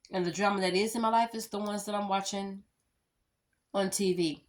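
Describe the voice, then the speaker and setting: A woman's voice: mid-range voice, fairly even intonation, moderate pace. A woman in her thirties chatting casually to her viewers, rambling through storytime anecdotes and addressing them as y'all. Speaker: vlogger.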